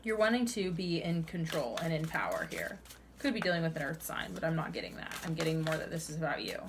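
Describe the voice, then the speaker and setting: A woman's voice: sits low, very animated, fast talker, slight background noise. A young woman doing a tarot reading to camera, earnest and chatty, sighing now and then between cards. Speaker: tarot reader.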